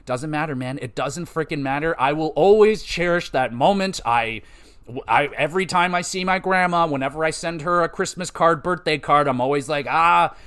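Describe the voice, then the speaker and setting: A young man hosting a solo gaming podcast, talking loosely and excitably with a lot of swearing. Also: on the high side, normal speed. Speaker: podcast host. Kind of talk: casual solo podcast talk.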